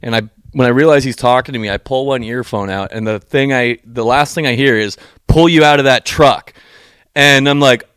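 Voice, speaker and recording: A young man spinning a long, profane story on a podcast, jumping into the voices of the people in it. His voice sits at an ordinary pitch and is recorded close and dry, with no room sound. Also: no echo. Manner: profane, animated storyteller acting out quotes. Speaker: podcast co-host. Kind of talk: casual chat, long-winded storytelling.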